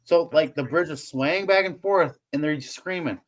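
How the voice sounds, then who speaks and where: A man's voice: on the high side, normal speed, poor audio. Laughing man telling stories. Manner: loud storyteller, laughs often, swears. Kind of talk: casual chat.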